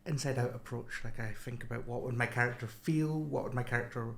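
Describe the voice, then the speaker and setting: Gravelly man explaining earnestly. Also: mid-range voice, quick pace, a bit bright. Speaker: podcast co-host. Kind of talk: comedic podcast banter.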